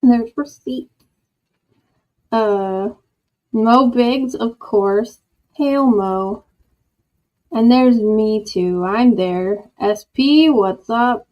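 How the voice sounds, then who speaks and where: A woman's voice: fairly high pitch, very slow, pauses often. A woman hosting a casual livestream from her home, rambling in a self-deprecating way and laughing at herself. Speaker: livestream host. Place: home room with candles. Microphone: old desk microphone. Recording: dull lo-fi audio from an old microphone.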